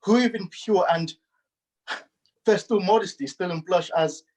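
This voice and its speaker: A man sight-reading Shakespeare, playing a young man banished from his love, reading the verse in a halting, careful way over a video call. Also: high-pitched, a little mellow, poor audio. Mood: anguished. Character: young lovesick man Romeo, banished and despairing. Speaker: acting workshop participant.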